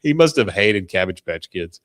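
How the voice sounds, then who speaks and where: A man's voice: low voice, big pitch swings, moderate pace, a bit bright, no room sound. A man hosting a podcast, casually recapping a cartoon episode in a rambling, profane way with chuckling asides. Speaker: podcast host.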